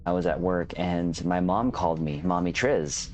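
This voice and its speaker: A man hosting a livestream chat, talking in a relaxed, conversational and reflective way. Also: low-pitched, moderate pace. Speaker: host.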